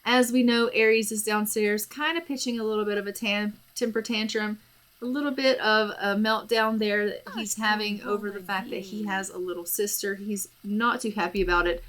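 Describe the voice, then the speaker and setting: A woman's voice: medium pitch, steady tone, normal speed, fairly bright tone. A woman giving casual, chatty let's play commentary on a life-sim game, doting on the characters. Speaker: gaming channel host.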